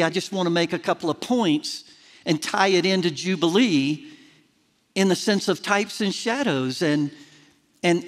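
A middle-aged man preaching a folksy, self-deprecating sermon to a church congregation, building to emphatic peaks. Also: high voice. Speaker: pastor. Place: large church sanctuary. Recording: long hall reverb of a church.

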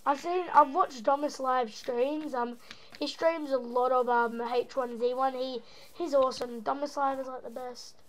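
A woman's voice: high voice, steady tone, unhurried, slight background noise, poor audio. A woman from Australia speaking with a put-on American accent, rambling playfully through gameplay commentary as a gaming channel host. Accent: American, put on over an Australian one. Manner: rambling, playful, making silly noises.

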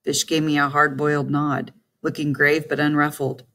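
Reading a first-person story as an audiobook, this woman uses a deep voice with vocal fry at normal speed. She tells it in a storytelling manner, giving the dialogue lively voices.

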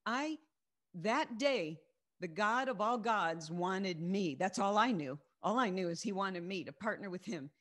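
A woman's voice: medium pitch, animated, a little slow, a bit bright. A woman leading a Christian teaching on a video call, sharing her testimony earnestly and repeating key phrases for emphasis. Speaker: faith group teacher.

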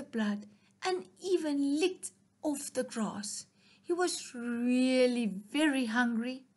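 A woman reading a children's storybook aloud in a high, husky voice. She takes her time and sometimes drops to a soft near-whisper. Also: expressive, slow. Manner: soft, dropping to a whisper at times.

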